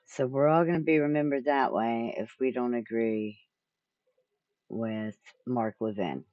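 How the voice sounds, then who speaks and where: A man hosting, thinking aloud in a halting way as he plays clips. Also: mid-range voice, dry recording. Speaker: host. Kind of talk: casual commentary while playing clips. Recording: dry lo-fi audio.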